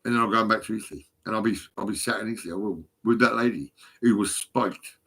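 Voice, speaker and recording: A middle-aged man rambles into his phone, his voice husky and rough at the edges. He swears constantly and swings between low mutters and agitated outbursts. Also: brisk, sharp tone. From England. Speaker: vlogger. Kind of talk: rambling monologue to camera.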